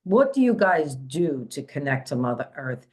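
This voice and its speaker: A woman's voice: low voice, very animated, moderate pace, a little mellow. A woman hosting a spiritual podcast as a psychic medium, talking casually with many fillers and restarts.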